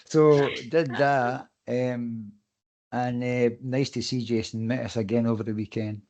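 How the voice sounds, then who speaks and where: Relaxed man telling race stories. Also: medium pitch, a little slow, dull audio. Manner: relaxed, swears casually. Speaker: podcast co-host and race runner. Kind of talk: casual podcast storytelling.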